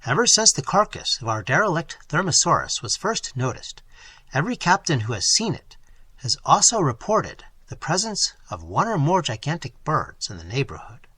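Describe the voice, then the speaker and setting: A man voicing a mild, fatherly older male professor who lectures gently in an audiobook. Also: fairly high pitch, big pitch swings, normal speed, slightly rough, no echo, exaggerated voice. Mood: lecturing.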